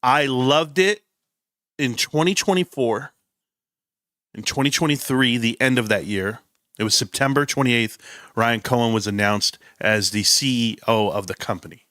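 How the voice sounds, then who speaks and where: A man hosting a casual stock market livestream, animated and joking, acting out other people's voices. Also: mid-range voice, normal speed, dry recording, studio quality.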